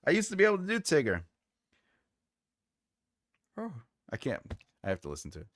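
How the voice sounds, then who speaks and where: A man's voice: fairly high pitch, wildly swooping pitch, fairly quick, dry recording, studio quality. A male writing channel host in casual, playful livestream chat, laughing often and trying out cartoon voices.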